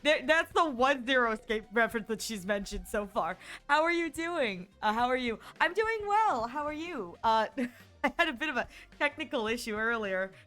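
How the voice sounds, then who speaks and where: A young woman streaming a game, gushing and animated as she comments and reads lines aloud. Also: fairly high pitch. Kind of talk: let's play commentary.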